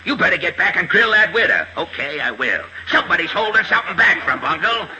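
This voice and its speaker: A man's voice: high voice, sing-song, fast talker, pushed and bright, highs cut off, heavily acted. A man voicing a boastful, bumbling police inspector who talks tough and slangy, in 1940s radio comedy style on a noisy old recording. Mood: blustering.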